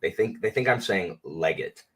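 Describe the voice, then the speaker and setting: A man who works as a teacher, a guest on a casual podcast chat, who gets emphatic and animated when he argues a point. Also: deep voice, normal speed, breathy edge.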